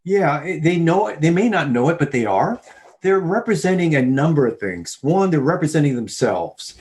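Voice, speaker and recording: A man's voice: on the high side, moderate pace. A man guest on a podcast, telling sales stories and acting out both sides of the conversations. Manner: animated storyteller, acts out both sides of dialogues. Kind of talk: storytelling in a podcast interview.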